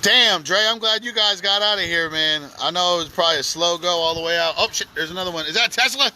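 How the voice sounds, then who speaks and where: A man from Oklahoma with an Oklahoma accent, livestreaming outdoors by a flooded street at night, giving loud, joking commentary full of slang. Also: high-pitched, fast talker. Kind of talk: casual live commentary.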